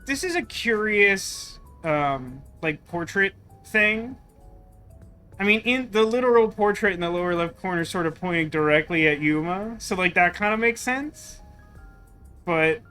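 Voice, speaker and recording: A man's voice: high voice, pushed and bright, clear, resonant tone. A man streaming a video game, talking in a wry, rambling, sarcastic way in casual let's-play commentary.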